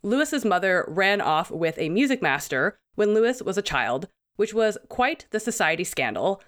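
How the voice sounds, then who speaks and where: Woman podcast co-host, sick-sounding voice, animated chatty delivery. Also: mid-range voice, moderate pace. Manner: chatty, laughs between points. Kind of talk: casual podcast chat.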